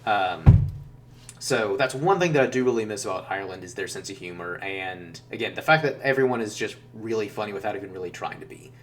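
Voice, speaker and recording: A man's voice: on the low side, expressive, fairly quick. A man vlogging casually about his travels, rambling with lots of fillers and self-corrections. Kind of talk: casual chat. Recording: distant mic with faint hum.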